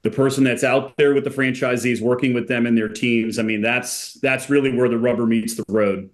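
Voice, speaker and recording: A man speaking as a company executive guest in a conversational podcast interview, relaxed, using many casual fillers and getting animated when he tells stories. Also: medium pitch, brisk.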